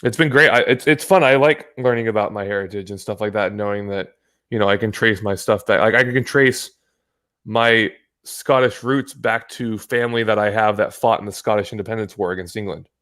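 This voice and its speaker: Speaking briskly in a lowish, somewhat bright voice, this U.S. guest rambles through a casual chat at home in California. He swears a lot and keeps starting his sentences over.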